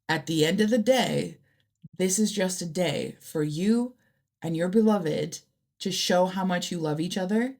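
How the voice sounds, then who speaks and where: Woman ranting about reddit posts, blunt and fired up, a bit low-voiced. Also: a little mellow. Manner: blunt, heated, talks straight at the poster. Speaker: host reacting to online stories. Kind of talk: casual reaction commentary.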